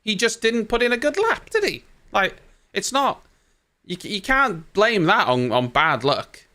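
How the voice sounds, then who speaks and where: A man's voice: high voice, sing-song, measured pace, bright, forceful tone. A young man hosting a race watchalong, giving live reaction commentary in an exasperated, ranting way and swearing casually.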